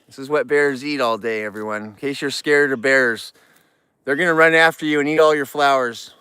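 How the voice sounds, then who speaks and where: A man's voice: mid-range voice, moderate pace, sharp tone, clean tone, dry recording, studio quality. A middle-aged man chatting casually on an outdoor live stream, repeating himself for emphasis. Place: outdoors near a barn.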